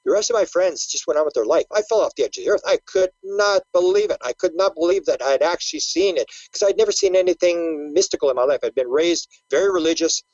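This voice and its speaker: Animated older man, dry lo-fi sound. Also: fairly high pitch, quick pace, few pauses, no echo. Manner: animated storyteller who acts out quotes and repeats words. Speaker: guest researcher. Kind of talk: casual interview talk.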